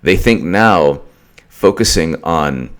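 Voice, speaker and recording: A deep, low-pitched man delivering an opinionated political rant. He mocks his targets, repeats himself and restarts his sentences as he goes. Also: expressive, slow, smooth. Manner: ranting, mocking, repetitive restarts. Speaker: political commentator.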